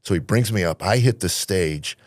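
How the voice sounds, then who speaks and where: A man's voice: low-pitched, animated, moderate pace, dry recording, studio quality. A man hosting a casual podcast chat, an easygoing storyteller who laughs while talking. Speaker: podcast host.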